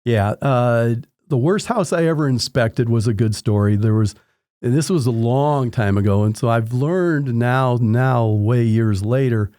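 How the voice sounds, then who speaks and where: Male home inspector guest, warm dark timbre, dry close mic, lively storyteller. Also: mid-range voice, unhurried, no echo. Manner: animated anecdotes with acted-out dialogue. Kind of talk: conversational storytelling.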